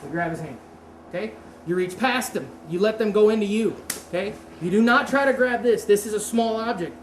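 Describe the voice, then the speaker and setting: In a roomy, echoing space with constant background noise, a woman with a brisk, mid-range voice leads a martial arts seminar. She speaks casually, quizzes the class, and corrects herself as she goes.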